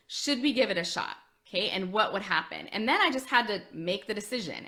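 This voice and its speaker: A woman in her forties, an admissions coach, giving chatty, animated advice to parents. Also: medium pitch. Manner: chatty, animated, addresses listeners as friends.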